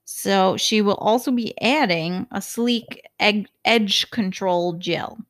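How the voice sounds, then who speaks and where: A woman co-hosting a casual podcast, reading out a news item in a steady, informative way. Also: mid-range voice, slow, no room sound, studio quality.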